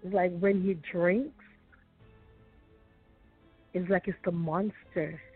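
A woman sharing a painful personal testimony as a guest, halting and repeating her phrases. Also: on the low side, fairly even intonation, slightly rough. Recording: tinny phone line, faint music.

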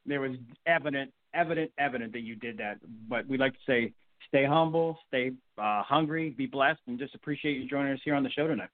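Male sports podcast host: quick, upbeat, rambling; phone-line audio. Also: mid-range voice. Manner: upbeat, rambling with repeated words.

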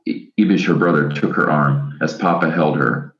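A man with a very deep voice reads a novel aloud at a measured, unhurried pace, now and then correcting himself. The recording sounds roomy and somewhat dull. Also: fairly even intonation. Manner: measured, unhurried reading with small self-corrections. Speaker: reader.

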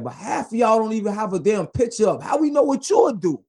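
A caller ranting emphatically on a live stream, at times shouting. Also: male voice, sits high, expressive, brisk, hardly any pauses. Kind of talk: heated call-in rant.

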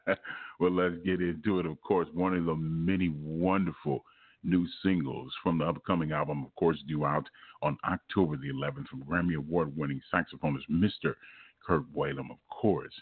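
Very deep husky radio host. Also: male voice, steady tone, normal speed, dry recording. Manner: laughs often, warm radio patter. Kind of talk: radio interview. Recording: tinny phone-like line.

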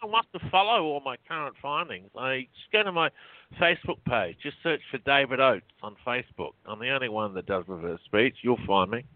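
A man's voice: mid-range voice, expressive, fairly quick, no room sound. A man being interviewed as a guest, chatty and rambling, laughing often between points. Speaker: guest, researcher. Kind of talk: casual phone-in interview. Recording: dry tinny phone line.

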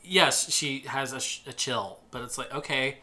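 A man's voice: mid-range voice, normal speed, bright, forceful tone. A man co-hosting a casual podcast discussion, rambling and trailing off mid-thought. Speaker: podcast co-host.

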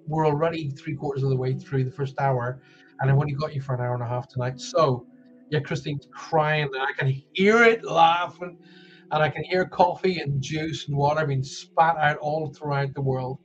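A man's voice: a little high, normal speed, highs cut off, soft background music. An Irish man hosting a live wellbeing show, talking casually and joking as he reads out viewer comments. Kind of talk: casual live-stream talk.

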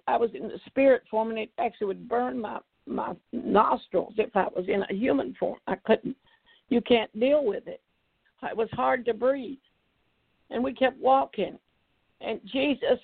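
A woman's voice: a little high, creaky, no room sound. An older evangelist woman, giving an emphatic testimony and repeating phrases for effect. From Tennessee, US. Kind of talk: testimony preaching. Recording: tinny phone-like audio.

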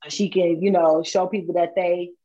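A woman co-hosting a podcast, recounting celebrity gossip in a slow, drawn-out casual way with fillers. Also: on the low side, fairly even intonation, warm tone. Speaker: podcast co-host. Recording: dull lo-fi sound.

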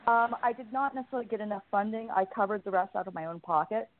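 A woman's voice: medium pitch, fast. Brash woman on a tinny phone line. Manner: brash, profane, laughing. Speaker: professional wrestler guest. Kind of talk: casual radio chat.

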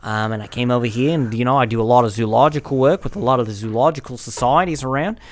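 A man's voice: medium pitch, quick pace, no room sound, close to an everyday voice. A man voicing a boastful, cheap male Australian wildlife showman in a put-on Australian accent, rambling and tossing in "mate".

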